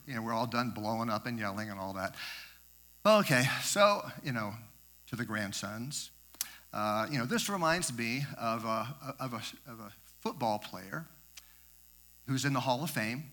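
Bright-voiced older man telling a story. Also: mid-range voice. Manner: rambling, repeats words, self-correcting asides. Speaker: speaker sharing a devotional story. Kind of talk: informal sermon storytelling.

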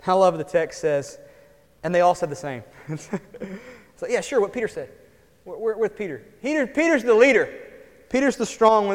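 A man preaching from the pulpit with a high-pitched voice, energetic and conversational. His voice rings out into a church hall that carries a long reverb. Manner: lively preaching, swings between loud emphasis and quiet asides. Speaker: pastor. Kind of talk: sermon.

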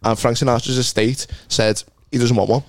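A man's voice: medium pitch, fairly even intonation, no room sound. A man with a Liverpool accent, a comedian telling sweary stories in casual podcast chat. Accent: Scouse. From Liverpool, England. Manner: swearing, storytelling, quick anecdotes.

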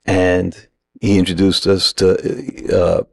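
A middle-aged man from New York, casually telling a lively anecdote and acting out the quoted lines. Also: deep voice, slow, gravelly. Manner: animated anecdote-teller, acts out quoted lines. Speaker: guest. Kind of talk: casual storytelling.

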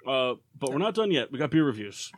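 A man's voice: medium pitch, very animated, brisk, no room sound, clean studio sound. A man co-hosting a casual sports podcast, laughing often and steering the segments. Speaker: podcast co-host. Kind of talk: casual chat among friends.

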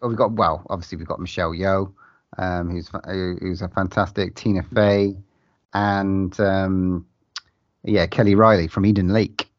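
A man's voice: sits low, steady tone, normal speed, no room sound, dull audio. A man co-hosting a casual film podcast, laid back and swearing casually. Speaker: podcast co-host.

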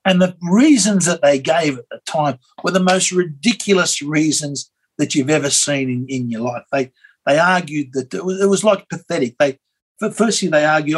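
An Australian man, a former member of parliament, telling a rambling, animated story as an interview guest, with many fillers and restarts. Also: fairly high pitch, normal speed, breathy edge, rough recording. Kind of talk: conversational storytelling.

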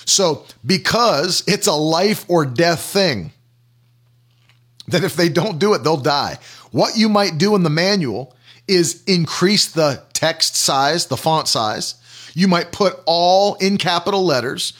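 A man delivers a sermon, teaching with questions and plain examples. His voice rides a little high and moves up and down a great deal. He repeats key phrases to drive them home. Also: animated, slow, fairly bright tone. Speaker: preacher.

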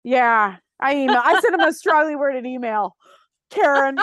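High-pitched and at normal speed, her voice comes through with no echo. She's a Florida podcast co-host in her thirties, telling a story in casual conversation while swearing freely and dramatizing the people she quotes.

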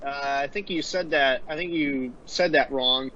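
Bright-voiced rambling podcast co-host man. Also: mid-range voice, measured pace, highs cut off. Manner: profane, rambling, many fillers. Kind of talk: casual podcast chat.

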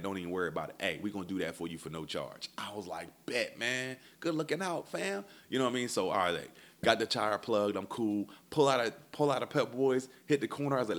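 Man, very low voice, casual profane storyteller, animated exasperated delivery.

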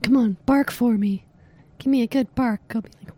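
A woman with a high, soft, mellow voice runs a comedic prank phone call. She is bossy and teasing, with a mock-seductive purr as she gives orders. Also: moderate pace, no room sound. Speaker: prank caller, podcast host.

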